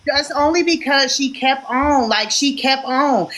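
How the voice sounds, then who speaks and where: A woman's voice: high-pitched, measured pace, fairly bright tone. Insistent woman on a livestream. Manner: insistent, explains at length. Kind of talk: heated casual chat on a group livestream.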